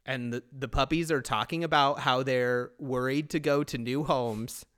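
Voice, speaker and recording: A man co-hosting a casual podcast, recapping a movie in an animated, rambling way with swearing. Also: mid-range voice, moderate pace. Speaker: podcast co-host.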